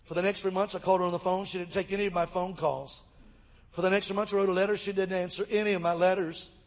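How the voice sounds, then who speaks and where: A man's voice: sits high, quick pace. A middle-aged man from Alabama, telling a funny story in a sermon as a guest speaker and joking with the audience. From Mobile, Alabama, US. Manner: lively, jokes with the audience. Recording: long reverb of a large hall.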